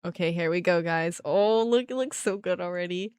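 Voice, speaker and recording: A young woman livestreaming a game launch, chatting excitedly to her viewers and calling them guys. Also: on the low side, moderate pace, clear, resonant tone, dry recording. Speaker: livestreaming gamer. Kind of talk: casual livestream chat.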